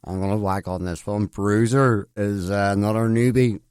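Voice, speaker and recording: A man's voice: lowish voice, fairly even intonation, normal speed, a little mellow, smooth, dry recording, clean studio sound. A man hosting a late-night radio show in casual chat, rambling and self-deprecating, stumbling over names. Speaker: radio host. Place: radio studio.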